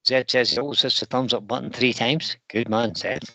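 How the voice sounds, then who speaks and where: A man's voice: medium pitch, fairly even intonation, fairly quick, a bit bright, poor audio. Chatty man hosting a workshop livestream. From United Kingdom. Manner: chatty, reads viewer comments aloud. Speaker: woodturning livestream host. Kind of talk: casual live-stream chat reading comments.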